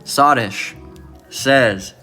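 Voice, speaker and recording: A man preaching from scripture in a loose, cursing, rambling way, stumbling over repeated words and checking in with the listener after each point. His voice sits at a plain middle pitch. Soft music plays underneath. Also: very slow. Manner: profane, repetitive, rambling, tag questions. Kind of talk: informal Bible commentary.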